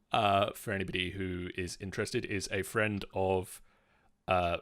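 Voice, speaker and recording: A man hosting a tabletop game stream, chatting in an animated, self-mocking way at his desk mic. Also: on the low side, no echo, studio quality. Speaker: host and dungeon master. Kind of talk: casual stream chat.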